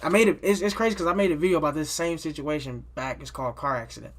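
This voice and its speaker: A man's voice: on the high side, rapid-fire. A man telling a personal story in a casual, loose monologue. He swears freely, restarts his sentences and keeps adding "you know what I'm saying".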